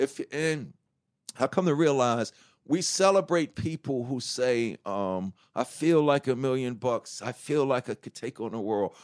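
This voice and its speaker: A middle-aged man, a rapper as interview guest, telling his story candidly with profanity, restarts and acted-out quotes of other people. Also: on the high side. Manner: animated, profane, acts out quoted dialogue; halting restarts and self-corrections.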